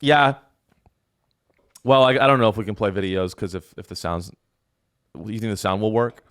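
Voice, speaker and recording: A man's voice: fairly low pitch, normal speed, a bit bright, no room sound, studio quality. A man hosting a podcast, in crude, joking casual chat that rambles and trails off into fillers. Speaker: podcast host.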